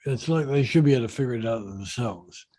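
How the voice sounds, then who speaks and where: A man, a yacht designer in an interview, telling a story in a relaxed, unhurried and self-deprecating way. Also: mid-range voice.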